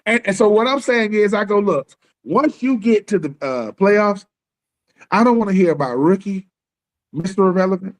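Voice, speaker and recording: A man holds forth on a live sports talk stream, voice pitched high for a man. He talks loose and slangy and keeps slipping into little acted-out bits of other people's lines. The feel is a casual co-host rant. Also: expressive, normal speed. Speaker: podcast co-host. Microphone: live stream call.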